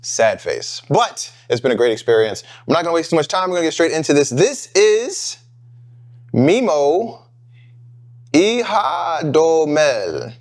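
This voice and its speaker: A man's voice: fairly high pitch, expressive, normal speed, darkish tone. A man hosting his own review channel, talking casually and thinking aloud with fillers and self-corrections. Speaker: fragrance reviewer, channel host. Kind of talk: casual unscripted review vlog.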